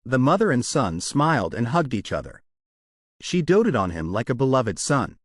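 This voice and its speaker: A man narrating a comic story recap in scripted, even, matter-of-fact storytelling. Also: medium pitch, normal speed, dry recording, clean studio sound.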